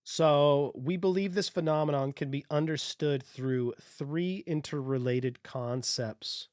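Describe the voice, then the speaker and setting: A man's voice: a little high, slow, a little mellow, dry recording, clean studio sound. A man hosting a casual podcast, reading his research notes aloud and joking between points.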